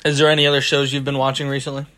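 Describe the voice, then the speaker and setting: A man's voice: medium pitch, level tone, racing, sharp tone. A young man hosting a casual podcast chat, talking loosely with lots of "like" and frequent laughs. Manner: laughs often, uses "like" a lot. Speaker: podcast host.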